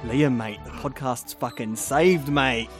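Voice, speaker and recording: A man's voice: medium pitch, slow, music in the background, natural voice. Man doing a swearing Aussie podcast bloke. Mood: blustering. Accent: put-on Australian. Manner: swearing, rambling, lots of "mate". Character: crude blokey Australian podcast host man.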